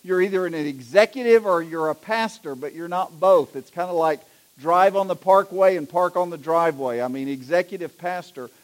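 A man with a notably high-pitched voice preaches a sermon, moving easily between plain teaching and humorous anecdotes. He is middle-aged and speaks as a pastor to his congregation, in a folksy, conversational manner. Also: moderate pace. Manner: folksy, anecdotal, animated when telling jokes. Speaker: executive pastor. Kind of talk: sermon with storytelling.

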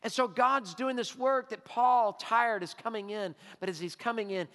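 Emphatic high-voiced male pastor. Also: fairly bright tone. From Texas. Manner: emphatic, with long drawn-out pauses. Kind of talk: sermon. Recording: hall reverb.

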